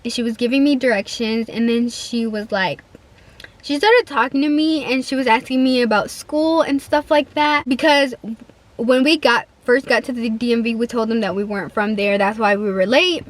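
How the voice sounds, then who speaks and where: A woman's voice: fairly high pitch, normal speed. A teenage girl telling a casual, rambling storytime vlog, full of "like" and acted-out quotes. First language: Spanish-speaking home, bilingual. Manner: chatty, rambling, heavy use of "like", acts out quoted lines. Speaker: vlogger.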